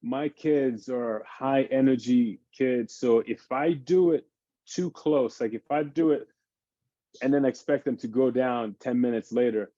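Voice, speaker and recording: A man, a fitness expert on a parenting panel, explaining exercise routines in an animated, casual way. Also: mid-range voice, unhurried, dry recording, lo-fi sound. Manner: animated, explains by acting out his kids' games.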